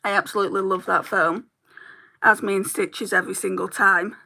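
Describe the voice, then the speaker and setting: Chatty woman with a gravelly, bright voice. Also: mid-range voice, fairly even intonation, normal speed, low-quality recording. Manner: chatty and rambling, laughs easily. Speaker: beauty YouTuber. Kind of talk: casual chat while doing makeup.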